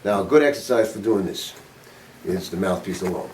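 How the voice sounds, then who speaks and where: A man's voice: low voice, fairly quick, noisy background. Older man teaching sax in an echoey room. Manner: casual, demonstrative, joking. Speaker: saxophone teacher. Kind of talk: master class teaching. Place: music studio with a group. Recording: roomy room, mic at a distance.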